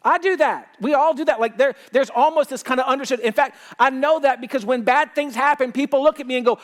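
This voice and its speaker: A male pastor preaching a conversational sermon, swinging between loud excitement and quiet softness, with lots of "you know" and "like". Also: very high voice, fast talker, hardly any pauses. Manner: frequent fillers like "you know" and "like".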